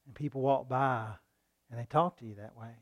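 A man preaching a sermon in a folksy style, often asking his listeners "right?" and loudly acting out the voices of a mocking crowd. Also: mid-range voice, moderate pace. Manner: animated, acts out mocking crowds in loud voices.

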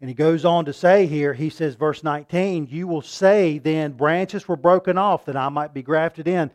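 A man preaching a sermon in a fairly high voice, recorded close and dry with no room sound. He swings from loud, pressing peaks down to quiet asides, and he keeps asking the congregation questions and repeating words to drive them home. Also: moderate pace, no room sound.

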